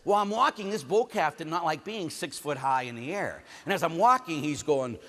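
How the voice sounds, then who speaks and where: A man's voice: on the high side, expressive, a little fast, bright, forceful tone, long reverb tail. A man from Pittsburgh with a Pittsburgh accent, preaching a sermon told as a jokey farm story, with big swings in volume.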